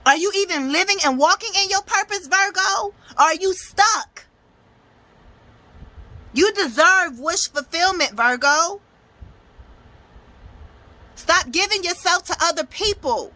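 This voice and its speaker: A woman's voice: extremely high pitch, lively intonation, slow, long pauses, bright, forceful tone. A young adult woman giving a blunt, profane, emphatic motivational tarot reading. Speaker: motivational speaker and tarot reader.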